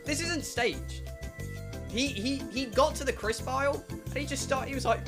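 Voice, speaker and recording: A man's voice: extremely high pitch, moderate pace. A man streaming, telling a comic story to his chat, swearing and exaggerating. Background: music.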